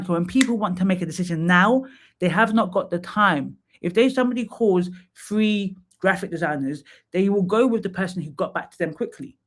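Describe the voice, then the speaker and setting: Chatty man hosting a live stream. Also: high-pitched. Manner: chatty, candid, talks to viewers by name; drops into sung snatches and playful asides. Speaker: live stream host reviewing profiles. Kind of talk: casual live stream chat.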